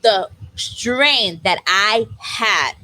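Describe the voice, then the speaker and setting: A woman's voice: mid-range voice, expressive, drawn-out words, sharp tone, no room sound, rough recording. A woman with a Puerto Rican accent, co-hosting a casual podcast, telling an anecdote with cursing and Spanish words mixed into her English. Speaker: podcast co-host. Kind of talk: casual chat.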